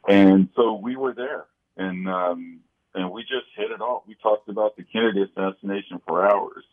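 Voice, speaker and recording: A man's voice: on the low side, normal speed, phone-quality sound. A man calling in as a guest, a security consultant, talking about his career in an easygoing way. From Kansas City. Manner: easygoing, brief agreeing replies. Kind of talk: casual interview chat.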